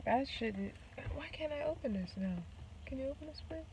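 A woman's voice: sits high, expressive, moderate pace, darkish tone, far from the mic. A tipsy woman chatting in a rambling way in a casual vlog. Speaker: vlogger. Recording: noisy background.

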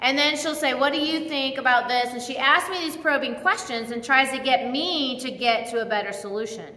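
A woman in her thirties giving a conversational sermon, telling personal stories with lively quoted asides. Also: high-pitched, normal speed. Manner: chatty storytelling with acted quotes. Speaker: church speaker. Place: church hall. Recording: roomy hall reverb.

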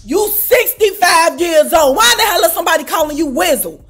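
A woman telling a storytime vlog story in a casual, animated and profane way, often asking her listener whether they follow. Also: very high-pitched, moderate pace, soft background music. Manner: animated, profane, keeps asking "you know what I'm saying?". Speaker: storytime vlogger.

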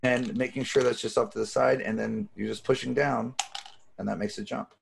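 A man with a gravelly, creaky voice lectures on magic over a video call. He tells his story casually and with animation, swearing freely as he goes. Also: mid-range voice, steady tone, brisk.

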